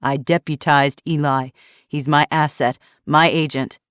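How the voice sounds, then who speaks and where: A woman's voice: deep voice, fairly even intonation, a little slow, fairly bright tone, smooth, no room sound, studio quality. A woman narrator voicing a stern, commanding male undersheriff who gives firm, authoritative orders.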